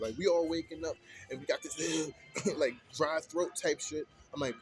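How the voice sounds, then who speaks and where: A man's voice: a little high, moderate pace, soft background music. A man ranting heatedly in a casual vlog, retelling an argument in colloquial speech.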